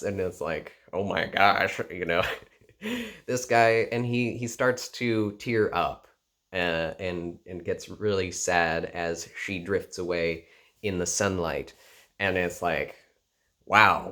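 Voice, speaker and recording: Animated man recapping an episode. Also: low voice. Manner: animated, frequent "like" and "you know" fillers. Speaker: anime reviewer.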